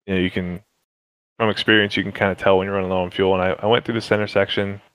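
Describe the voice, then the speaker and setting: Low-voiced racing driver, halting. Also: male voice, little pitch movement, a bit bright, clean tone, no echo, poor audio. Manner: halting, many fillers and restarts. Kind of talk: casual interview chat.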